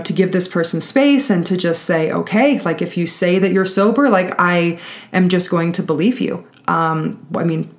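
Podcast host, woman, lower register, casual storyteller who swears freely and gets worked up. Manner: animated, exasperated, swears freely.

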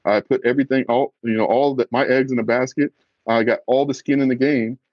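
A man's voice: mid-range voice, steady tone, brisk, dry recording, highs cut off. A man, a professional fisherman, talking candidly as a podcast guest, blunt and earnest, a self-described fiery man who gets right to the point.

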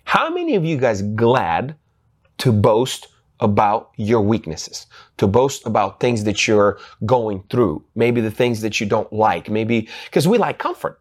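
Halting, increasingly fervent male preacher. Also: very animated. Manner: halting, with many restarts and fillers, growing emphatic and rising in pitch. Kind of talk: sermon.

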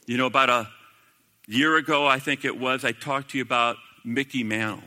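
A middle-aged man preaching a sermon, building to impassioned peaks and dropping to hushed, quiet passages. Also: mid-range voice, fairly even intonation, a little fast. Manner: impassioned, swelling to emphatic peaks then dropping to hushed quotes. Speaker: pastor.

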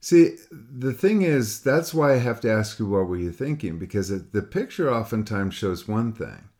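Low-voiced man teaching painting. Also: lively intonation, moderate pace, a little mellow. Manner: rambling, repeats words, quotes students in other voices. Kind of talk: casual one-on-one critique talk. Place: call with a student.

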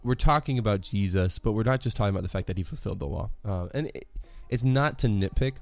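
A man's voice: lowish voice, animated, quick pace, creaky, soft background music. A man giving a casual devotional talk on a worship song, rambling and correcting himself with many fillers.

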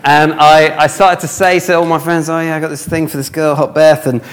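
A man's voice: on the high side, level tone, a little fast. A young man from the north of England telling a humorous, self-mocking story in a sermon, acting out the dialogue. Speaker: speaker. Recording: long hall reverb.

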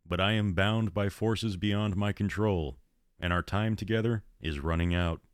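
Melancholy ghost lady from a portrait, soft and sultry, voiced by a male storyteller, low, dry. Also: a little slow, clean tone, no echo, lightly acted. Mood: sad, urgent. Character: sad ghostly woman from an old painting. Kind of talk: storytelling reading.

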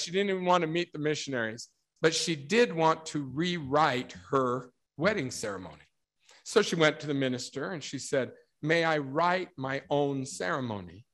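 A middle-aged man delivering a religious talk with a slightly higher voice. He tells stories animatedly and acts out each quote. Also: lively intonation, moderate pace, fairly bright tone. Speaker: speaker.

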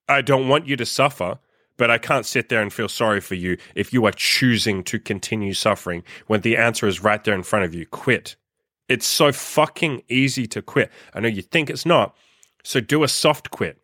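A man's voice: on the low side, a bit bright, no echo, clean studio sound. A young man hosting his own podcast, ranting bluntly and profanely as he scolds listeners. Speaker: podcast host and coach. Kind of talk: ranting solo podcast monologue.

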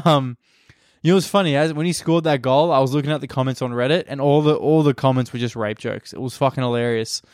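A man's voice: medium pitch, a little fast, dry recording, clean studio sound. A man with an Australian accent, a stand-up comedian rambling crudely through a casual solo podcast. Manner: crude, rambling, heavy swearing.

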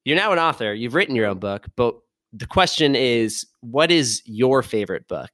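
A young man hosts a casual interview, asking questions in an easygoing way and laughing often. His voice sits at an ordinary middle pitch. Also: lively intonation, normal speed, a bit bright. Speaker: podcast host.

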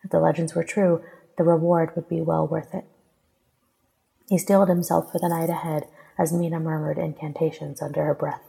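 A woman reading a romantic fantasy fan fiction aloud in steady, even storybook narration. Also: deep voice, moderate pace, creaky, breathy edge, rough recording.

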